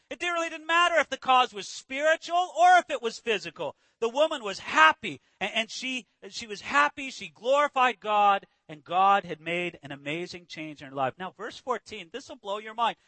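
High-voiced guy preaching, bright and punchy, dry close sound. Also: normal speed, few pauses, no room sound, poor audio. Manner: animated preaching, acts out Bible scenes. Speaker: pastor. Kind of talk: sermon.

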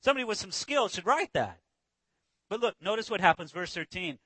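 A man preaching a sermon, walking through a Bible passage verse by verse and acting out its scenes with lively emphasis. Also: high voice, brisk, husky, no echo, rough recording. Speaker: pastor.

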